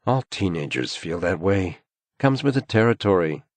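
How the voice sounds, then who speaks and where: Audiobook figure: a patronizing, irritable husband, read by a man in his own low voice, dry sound. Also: expressive, normal speed, dry recording. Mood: dismissive. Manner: patronizing, brushing things off. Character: irritable, dismissive adult husband.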